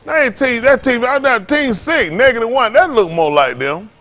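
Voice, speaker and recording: An older man preaching an informal sermon, folksy and animated, telling stories with lots of repetition. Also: very high-pitched, moderate pace. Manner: folksy, animated, Southern Black church vernacular, repeats himself. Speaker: pastor.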